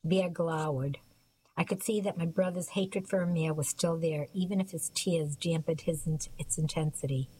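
A woman narrating an audiobook in a measured, even storytelling manner. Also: sits low, a little hiss or hum, poor audio. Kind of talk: scripted narration.

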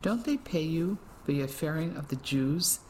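A woman's voice: deep voice, lively intonation, moderate pace, darkish tone, slight background noise. A woman voicing a stern, sneering male German officer in wartime, cold and mocking. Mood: menacing.

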